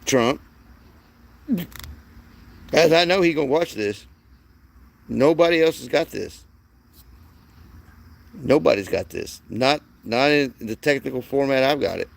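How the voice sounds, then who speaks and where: Man, channel host, rambling profane rant, lively swooping pitch, rough gravelly voice. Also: unhurried, long pauses. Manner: profane, rambling, frequent restarts. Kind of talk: rambling monologue.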